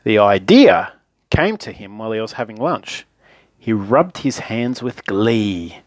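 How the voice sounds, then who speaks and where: A man reading a children's story aloud in a gentle, expressive way. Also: lowish voice, measured pace, dry recording, clean studio sound.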